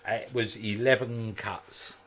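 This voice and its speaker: A man's voice: on the low side, steady tone, slow pace, fairly bright tone. A man hosting a casual live woodturning demonstration from his home workshop, chatting and making jokey asides to viewers. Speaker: woodturner and channel host.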